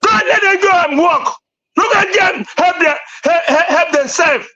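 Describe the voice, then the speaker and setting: A man's voice: extremely high pitch, unhurried, pushed and bright, muffled recording. A man with a Nigerian accent debating on a live stream, ranting insistently and repeating himself. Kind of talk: heated debate.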